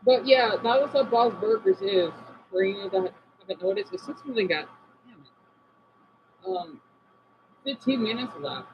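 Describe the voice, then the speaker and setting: An American man streaming live, chatting loosely with his viewers. His pitch jumps around a lot as he rambles from one thought to the next. The sound is dull and lo-fi, with a faint hum underneath. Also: sing-song, unhurried, pauses often. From United States. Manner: scattered, rambling, reacts to chat aloud. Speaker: livestreamer. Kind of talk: casual live stream chat.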